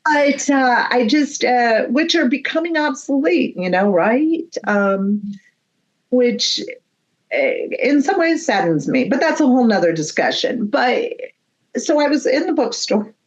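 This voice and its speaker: A woman's voice: fairly high pitch, a little slow, dull audio. A woman appearing as a guest medium, telling anecdotes in casual chat and acting out the dialogue as she goes. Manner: animated anecdotes, acts out dialogue.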